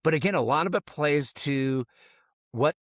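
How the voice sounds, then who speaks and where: A man's voice: on the high side, normal speed, no room sound. Middle-aged male co-host, acts out every voice in his story, dry studio read. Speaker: podcast co-host. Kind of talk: casual storytelling.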